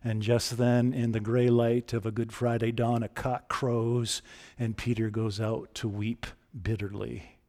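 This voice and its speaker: A man's voice: mid-range voice, level tone, unhurried, a little mellow. A man preaching a sermon in a conversational way, often asking the listeners direct questions.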